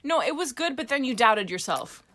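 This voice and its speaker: A woman's voice: high-pitched, sing-song, normal speed, a bit bright. A young woman co-hosting a casual podcast at home, playful and teasing, laughing often. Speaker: podcast co-host. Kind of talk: casual chat. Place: home room with an air purifier.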